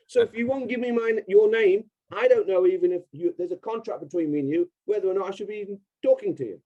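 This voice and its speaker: A man's voice: sits high, fast talker, dark tone, highs cut off. A man speaking as a podcast guest, emphatic and insistent, repeating his key points. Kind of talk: casual interview talk.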